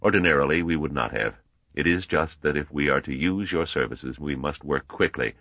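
A stern old male scholar, as a man reading a storybook puts him on, grave and measured, with a very deep, slightly husky voice. The recording is dry and dull. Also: dry recording. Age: older.

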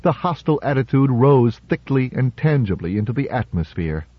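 A male narrator reading a story in a measured, dramatic way. The sound is dry and close, with a slightly muffled, dull tone. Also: mid-range voice, big pitch swings, no room sound. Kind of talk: audiobook narration. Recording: slightly muffled audiobook recording.

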